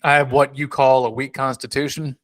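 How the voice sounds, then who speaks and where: Guy from south carolina cohosting a podcast, rambly and jokey, medium pitched voice. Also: level tone, a little fast, a bit bright. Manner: rambling, joking, many restarts. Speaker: podcast co-host. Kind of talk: casual podcast chat.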